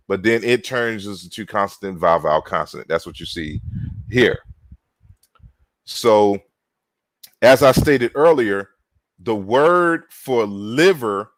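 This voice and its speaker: A man giving an online linguistics lecture, deliberate, spelling out words with frequent fillers and restarts. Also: on the low side, a bit bright, no room sound.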